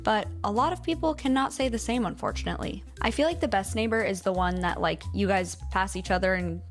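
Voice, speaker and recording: A young woman hosting a casual vlog, telling stories in a chatty, swearing, animated way into a studio mic. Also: medium pitch, brisk, soft background music. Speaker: YouTube commentary host.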